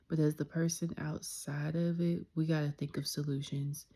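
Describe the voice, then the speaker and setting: A young woman reflects openly in a personal vlog, her voice low and dark with a gravelly edge. She speaks softly and candidly, slipping into near-whispers at times. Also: fairly even intonation, fairly quick, hardly any pauses. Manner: soft-spoken, candid, drops into whispers. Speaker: vlogger.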